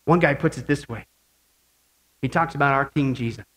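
A male pastor preaching an animated sermon that swings from quiet asides to shouted praise. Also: mid-range voice, moderate pace, low-quality recording.

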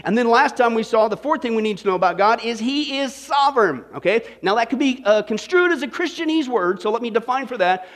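A man's voice: very high-pitched, fairly quick, few pauses. A male pastor preaching a Bible study, telling a joke and firing questions at the congregation by name. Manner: animated, quizzes the congregation by name. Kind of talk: sermon with joke.

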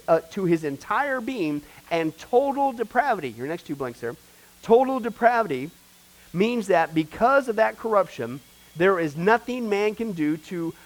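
A man teaching a discipleship class as a pastor, questioning the class and swinging from hushed to loud as he tells a story. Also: sits high, poor audio. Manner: retells a story, acting out the voices in it.

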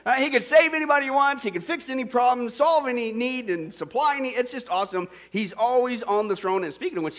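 A man's voice: extremely high pitch, fast, hardly any pauses. A male pastor preaching a sermon, telling a joke with laughs and quizzing the congregation with questions. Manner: lively, laughing storyteller, asks the crowd questions.

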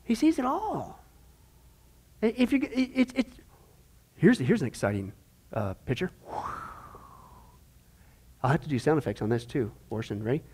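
A man teaching a discipleship Bible class in a conversational, animated way, using homey analogies and checking in with the class with frequent "okay?". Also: medium pitch, normal speed, pauses often, slightly rough.

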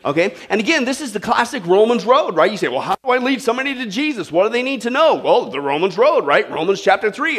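A man preaching a sermon to a congregation, animated and asking them questions. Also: sits high, quick pace, few pauses. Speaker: pastor. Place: church with a live congregation.

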